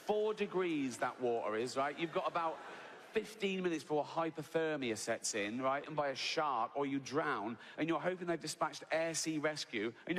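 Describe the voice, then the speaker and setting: A man's voice: fairly high pitch, lively intonation, normal speed, a bit bright, long reverb tail, slight background noise. A man doing a stand-up routine, chatty and sweary, tagging his lines with "right?". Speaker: stand-up comedian. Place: live venue with audience.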